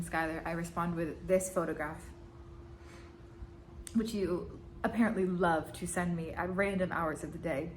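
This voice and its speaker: A woman's voice: fairly low pitch, a little hiss or hum. A young woman in her twenties, a singer and vlogger, answering fan questions in a giggly, chatty and playful way. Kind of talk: casual Q&A vlog.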